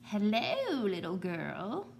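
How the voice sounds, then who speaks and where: A hungry, sneaky wolf from a storybook growls out his words slowly and slyly, put on by a woman reading aloud. His voice swoops around as he coaxes. Faint room sound hums behind him. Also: mid-range voice, huge pitch swings, creaky, a little mellow, reverberant, a little hiss or hum, heavily acted. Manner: growly, sly. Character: sneaky hungry male big bad wolf.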